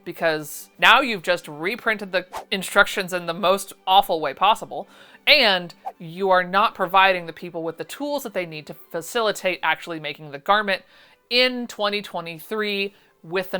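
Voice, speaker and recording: A woman hosting a casual vlog, reviewing sewing patterns in a sarcastic, exasperated, animated way. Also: lowish voice, normal speed, clean tone.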